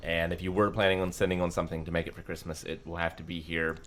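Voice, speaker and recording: A deep-voiced man on a casual podcast, rattling off a quick reminder to viewers. A faint ambient hum sits behind him. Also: flat delivery, fairly bright tone. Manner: brisk announcement to viewers. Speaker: podcast co-host. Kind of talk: casual chat.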